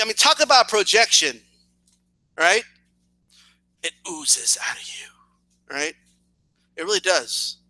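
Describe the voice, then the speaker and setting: A man's voice: high voice, pushed and bright, no room sound, low-quality recording. A man hosting a reaction video, talking in a mocking, sarcastic way with frequent stutters and restarts. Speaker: reaction channel host.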